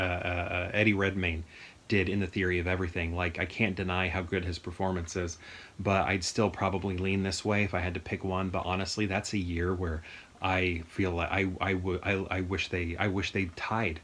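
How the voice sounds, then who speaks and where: A man with a somewhat low voice talks casually in his home movie room. He rambles and thinks aloud, upbeat and enthusiastic as he walks through his collection. His delivery is loose and conversational. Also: fairly bright tone. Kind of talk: casual chat.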